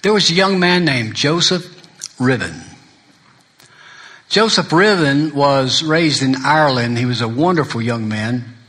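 A man's voice: medium pitch, animated, measured pace, fairly bright tone. A middle-aged man preaching a sermon, telling folksy stories and acting out other people's lines. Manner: folksy storytelling preacher, acts out friends' lines. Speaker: pastor.

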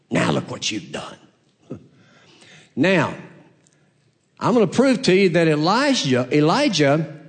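Animated preacher man, big swings. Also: on the high side. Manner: dramatic swings from hushed to loud preaching. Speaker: pastor. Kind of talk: sermon.

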